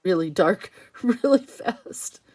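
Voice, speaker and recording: A middle-aged woman hosting a casual crafting livestream, chatting as she works and reading viewer comments aloud with warm sympathy. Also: mid-range voice, animated, slow.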